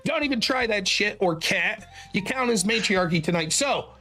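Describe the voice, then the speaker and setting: A man co-hosting a live stream, ranting fast and swearing as he argues politics. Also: high-pitched, animated, pushed and bright, soft background music. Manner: rapid, profane, ranting. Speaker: stream co-host running the donation clock.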